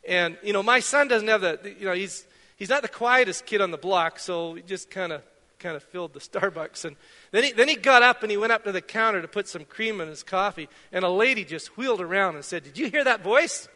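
A man's voice: sits high, a little fast, bright, forceful tone. A middle-aged man from Canada preaching a sermon as pastor, conversational and self-deprecating, weaving in anecdotes. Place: church sanctuary. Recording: long reverb of a church hall.

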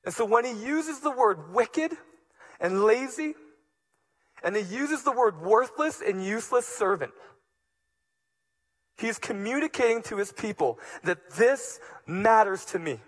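A man preaching a sermon as pastor, moving between hushed, low passages and loud, emphatic ones. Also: expressive, a little slow, pauses often.

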